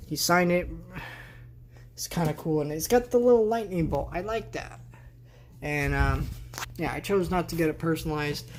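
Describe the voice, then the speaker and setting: A man's voice: a little high, normal speed, long pauses, slight background noise. A man vlogging a casual tour of his bedroom on a handheld camera, rambling with sarcastic asides. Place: bedroom, indoors.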